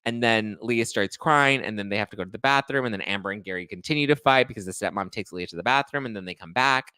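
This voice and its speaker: A man's voice: fairly low pitch, quick pace, pushed and bright, clean tone, no room sound. A man hosting a pop culture show, in casual gossip commentary that is chatty, full of fillers and sarcastic asides. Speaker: pop culture podcast host.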